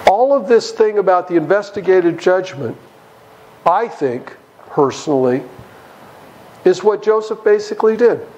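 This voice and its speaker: High-voiced man preaching emphatically. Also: animated, moderate pace, pauses often, a little mellow, low-quality recording. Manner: emphatic, chuckles while preaching. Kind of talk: sermon Bible study. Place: church.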